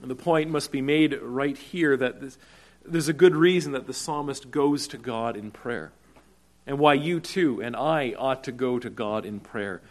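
A man preaching a sermon, deliberate and earnest, slowing down on key words and rising to urgent cries when he stresses a point. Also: medium pitch. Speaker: pastor.

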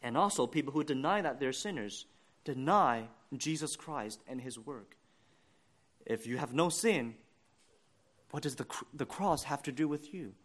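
A man's voice: mid-range voice, expressive. Earnest male preacher giving a sermon. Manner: earnest, deliberate preaching with rising emphasis.

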